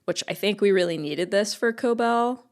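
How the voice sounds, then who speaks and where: A woman's voice: mid-range voice, moderate pace. A woman co-hosting a casual podcast, recapping plot in an upbeat way and laughing often. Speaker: podcast co-host.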